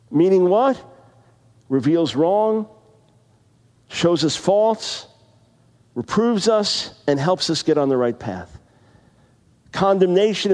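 Preacher around 60 in a reverberant hall. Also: male voice, sits high, a little mellow. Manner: storytelling, then emphatic slow scripture reading. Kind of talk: sermon. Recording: long reverb of a large hall.

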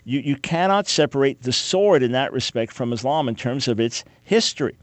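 A man's voice: mid-range voice, expressive, moderate pace, no echo. A man hosting a talk radio show, delivering an emphatic, opinionated monologue with sarcastic rhetorical quizzes for his listeners.

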